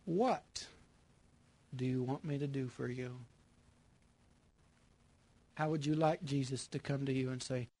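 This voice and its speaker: A man preaching a sermon, repeating his phrases with emphasis and moving between loud bursts and hushed lines. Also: mid-range voice, unhurried, long pauses, no echo.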